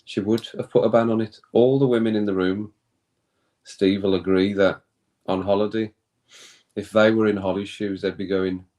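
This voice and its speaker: A man's voice: on the low side, flat delivery, moderate pace, a little mellow. A man hosting a casual watch-along stream, chatting with viewers and often laughing. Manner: chatty, reads chat comments aloud, laughs often, reacts to play. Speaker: live stream host.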